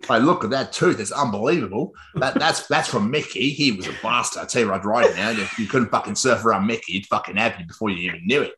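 A man's voice: fairly low pitch, fast, hardly any pauses, bright, forceful tone, echoey room, a little hiss or hum. A man voicing a brash Australian bloke who brags while selling shark-tooth necklaces, swearing as he goes. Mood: boastful. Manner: swearing, boastful storytelling.

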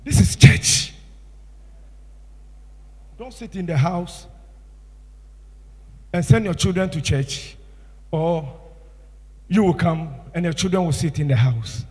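A man with a Ghanaian English accent preaching a sermon as pastor, impassioned, swinging from hushed tones to shouts. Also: a little high, a little slow, long pauses, husky, in a large hall.

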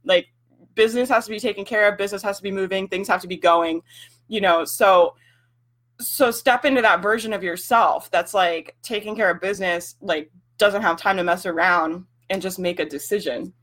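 A woman's voice: mid-range voice, normal speed, fairly bright tone. A young woman hosting a casual livestream for business owners, talking frankly with lots of "like" fillers and the odd swear word.

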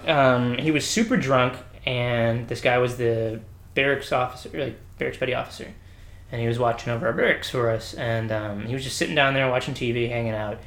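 Animated man telling rowdy service stories. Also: medium pitch, a little fast, vocal fry. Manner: animated, acts out quoted people, swears freely, laughs often. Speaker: Navy veteran telling stories. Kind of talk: casual storytelling chat. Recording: echoey room.

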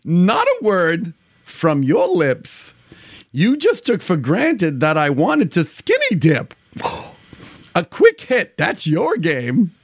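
A man doing a creepy clown voice, reciting lines in a slow, drawn-out sing-song. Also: high voice, huge pitch swings, no room sound, studio quality, pitched above the performer's own voice, exaggerated voice. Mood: creepy crooning. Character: creepy male clown crooning song lyrics.

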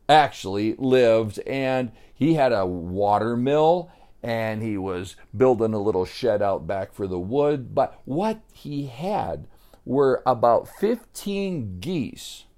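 A man telling a story to children in a playful, animated way, sometimes imitating animal sounds. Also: on the low side.

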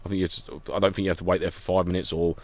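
A man's voice: sits low, little pitch movement, very fast, no room sound. A man co-hosting a podcast, chatting casually and telling rambling stories with frequent laughs. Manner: rambling anecdotal storytelling, laughs often. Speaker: podcast co-host. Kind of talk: casual chat.

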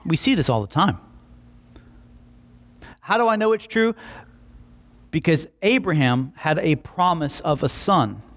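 A man preaching a Bible-teaching sermon in an animated way, acting out quick voices for emphasis. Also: a little high.

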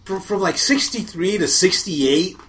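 A man's voice: sits high, lively intonation, unhurried, fairly bright tone. A man co-hosting a casual chat podcast, arguing his points emphatically. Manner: emphatic, argumentative. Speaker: podcast co-host.

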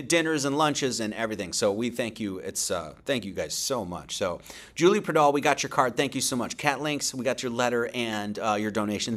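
A man's voice: on the low side, a bit bright. A man hosting an online religious service, giving informal closing thanks and announcements in a loose, rambling way.

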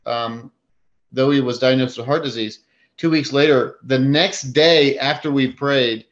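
Man, preacher, animated storytelling, quotes his own thoughts, slightly muffled audio. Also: medium pitch. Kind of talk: casual storytelling in a faith discussion.

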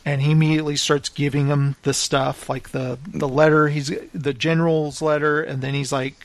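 A man with a slightly raised voice recounts a war film scene by scene in a relaxed podcast chat. He slips into the characters' lines as he goes, and the sound is close and dry with no room echo. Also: fairly high pitch, normal speed. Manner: animated retelling, acts out quoted lines. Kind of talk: casual film discussion.

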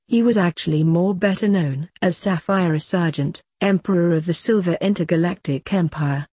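A woman narrates a story in an even, unhurried reading. Her voice is low, dark and husky. It is recorded dry and close, with no room sound. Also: no echo.

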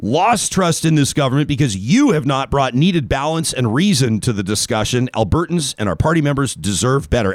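A Canadian radio talk show host delivers a sarcastic political monologue, hitting key words hard with dramatic pauses. His voice is mid-range, and the studio-quality audio has no echo.

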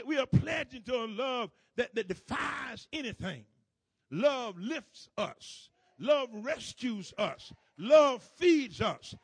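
A very high-pitched man with a husky edge preaches a sermon in a church. He talks in repeated rhythmic phrases, calling on the congregation to answer and climbing into shouts. The sound is dry and close. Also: dry recording. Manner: repetitive call-and-response preaching, building to shouts.

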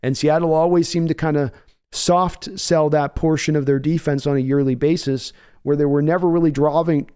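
A smooth, clear-voiced man hosts a casual fan stream. He talks in a mellow, somewhat higher tone, rambling and restarting as he reads out viewer messages and thinks aloud. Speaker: host of a fan sports livestream. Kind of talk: casual live-stream commentary reading chat.

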